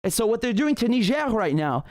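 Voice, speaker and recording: A man hosts a livestream political commentary show, talking in a fairly high voice. He rants heatedly and swears often, restarting his sentences as he goes. The sound is dry and close, with little room echo. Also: big pitch swings, a little fast, a little mellow. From Britain. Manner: heated, profane ranting with frequent restarts.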